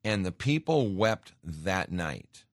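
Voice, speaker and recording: Low-voiced man preaching emphatically. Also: very animated, takes it slowly, dry recording, clean studio sound. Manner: emphatic, exhorting, addresses listeners as folks. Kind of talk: sermon with scripture reading.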